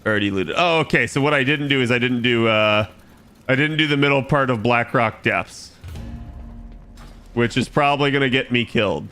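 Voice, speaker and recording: A man's voice: medium pitch, fairly bright tone. A man streaming himself playing an online game, chatting loosely with his viewers. He rambles, corrects himself and swears casually. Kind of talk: casual live-stream gaming chat.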